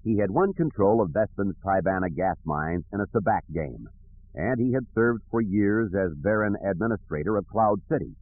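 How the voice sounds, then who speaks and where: A man narrating an audiobook in a steady, even reading voice. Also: sits low, dry recording. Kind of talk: scripted narration. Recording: tinny phone-like audio.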